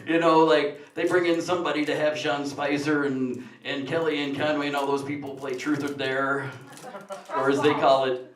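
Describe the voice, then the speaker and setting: A man's voice: a little high, flat delivery, normal speed. A man doing punchy, upbeat stand-up comedy on a small café stage, recorded from a distance in an echoey room with the audience around him.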